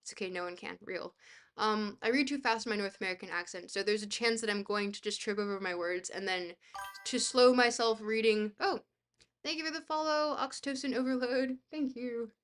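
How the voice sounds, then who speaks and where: A woman with a fairly high voice reads a dense book aloud on a live stream. She keeps breaking off to chat, hesitating with fillers and laughing at herself. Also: fairly quick, fairly bright tone. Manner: laughs easily, self-deprecating.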